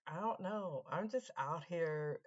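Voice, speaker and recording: A woman with a notably low voice tells a story to her viewers in a relaxed, chatty vlog. She talks animatedly, circles back and repeats her points, and speaks to the audience directly. The sound is a little dull and lo-fi. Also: takes it slowly. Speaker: vlogger. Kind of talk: casual storytelling to camera.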